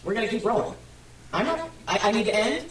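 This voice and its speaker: A woman's voice: a little high, expressive, fast. Flustered woman on a distant live stream. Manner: flustered, exclaiming. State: drenched. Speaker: seller hosting a live sales stream. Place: home room. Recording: roomy, distant mic with background noise.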